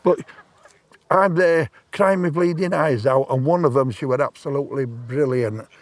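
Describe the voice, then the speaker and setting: A stranger in his seventies shares a long story about himself on an outdoor park bench, speaking plainly and rambling as he goes. His mid-range voice keeps a moderate pace, and there's no room sound.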